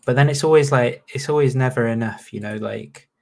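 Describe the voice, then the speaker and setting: Northern English man, late 20s; loose, sweary reaction commentary, gravel in the voice. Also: mid-range voice, a little fast. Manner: rambling, sweary, slangy. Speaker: YouTuber.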